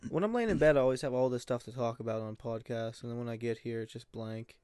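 A man's voice: mid-range voice, quick pace, mellow, clear, resonant tone, dry recording. A young man co-hosting a podcast in casual chat, rambling through jokey stories and laughing at his own bits. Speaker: podcast co-host.

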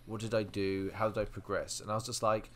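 A man co-hosting a podcast, chatting casually and telling stories in an animated way, often repeating words. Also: lowish voice, fairly quick, slight background noise. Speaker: podcast co-host. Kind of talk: casual chat.

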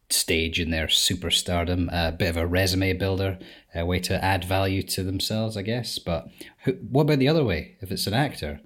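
A man co-hosting a casual podcast, talking in a dry, rambling, halting way over an online call. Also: sits low, a bit bright. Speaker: podcast co-host. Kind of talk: casual chat. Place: home, remote recording. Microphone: online call setup.

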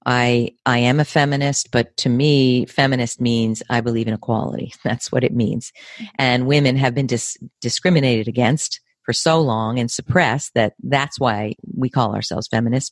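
A woman in her fifties with an American accent, speaking as an interview guest in a measured, emphatic way, often repeating words for stress. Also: a bass voice, fairly even intonation, no echo, studio quality. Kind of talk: earnest conversational interview.

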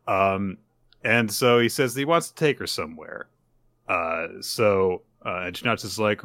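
A man's voice: on the low side, unhurried, fairly bright tone, no echo. A man co-hosting a podcast, casually recapping manga chapters with dry asides. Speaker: podcast co-host.

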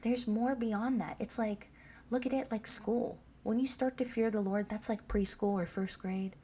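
A woman's voice: mid-range voice, steady tone, normal speed, warm tone, slight background noise. A woman preaching a sermon, reading scripture aloud and pressing her points with repeated questions to the listeners. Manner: emphatic, asks the listeners "Amen?".

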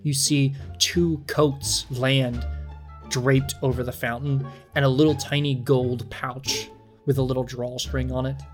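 A man running a tabletop game as game master, narrating scenes in a measured, descriptive way with small fillers. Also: medium pitch.

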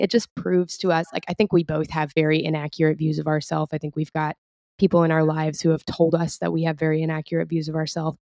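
A woman's voice: sits low, no room sound, studio quality. A woman co-hosting a podcast, talking candidly and reflectively in a casual chat. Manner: reflective, candid, soft-spoken. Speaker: podcast co-host.

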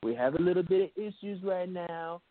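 A man's voice: high voice, expressive, moderate pace, no echo. A man on a radio show doing an impression of a boastful older male politician, piling on superlatives. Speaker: co-host. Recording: phone-like lo-fi line.

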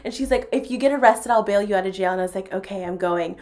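A young woman hosting a podcast, telling a story in a casual, animated way and acting out each line of dialogue between bursts of laughter. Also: mid-range voice, fast.

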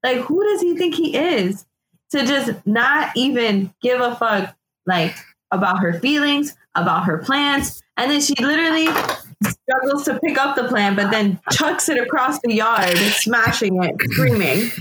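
A woman co-hosting a casual podcast, retelling scenes with animated, profane indignation. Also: on the high side, a little slow, noisy background. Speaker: podcast co-host. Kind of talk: casual recap chat.

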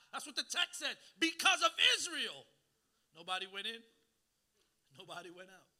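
A man, preaching a sermon as a guest pastor, swinging from hushed asides to shouting and calling on the congregation to answer. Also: high voice, expressive, normal speed.

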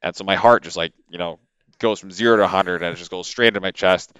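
Male podcast guest from Canada, clear low voice, eager rambling storyteller, dry close mic. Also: fast talker, no echo. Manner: animated, with many fillers and repeated words. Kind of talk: casual storytelling. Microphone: podcast microphone.

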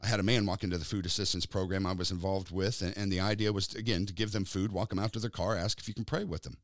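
A man's voice: sits low, fast talker, no room sound, studio quality. A man preaching a sermon, telling a story and acting out the dialogue in it. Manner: animated, acts out dialogue in his stories. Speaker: pastor. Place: church.

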